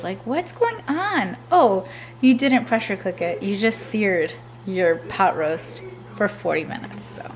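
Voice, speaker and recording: A young woman vlogging casually at home in her kitchen, chatty and rambling, often restarting her sentences. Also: mid-range voice. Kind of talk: casual chat to camera.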